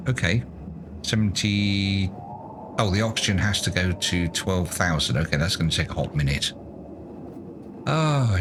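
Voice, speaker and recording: Exasperated man, deep voice. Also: noisy background. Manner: self-mocking, exasperated, muttering to himself. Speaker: gaming YouTuber. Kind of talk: let's play commentary.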